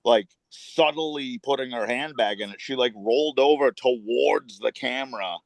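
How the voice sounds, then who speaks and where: A man co-hosting a casual wrestling talk show, animated and full of slang like "dude". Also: mid-range voice, normal speed, dry recording. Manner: animated, says "dude" and "friggin'" a lot. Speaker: wrestling podcast co-host. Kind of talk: casual chat.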